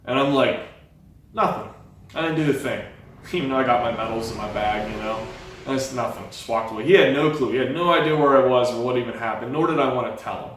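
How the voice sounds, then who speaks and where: A man's voice: mid-range voice, fast. Young man telling his story in an echoey room. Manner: lively retelling, acts out quoted dialogue. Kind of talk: candid personal storytelling. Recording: very echoey room, mic far off.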